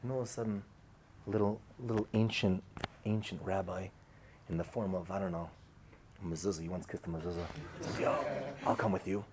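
A man tells a Torah parable as a casual storytelling sermon, speaking conversationally, repeating phrases and acting out quoted voices. His low voice is fairly even in intonation and fairly quick, with long pauses and some background noise.

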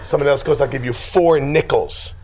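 A man's voice: mid-range voice, crowd noise. Joking, rambling male teacher. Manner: joking, digressive, quick to laugh. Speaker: teacher leading a class. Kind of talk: informal religious talk to a group.

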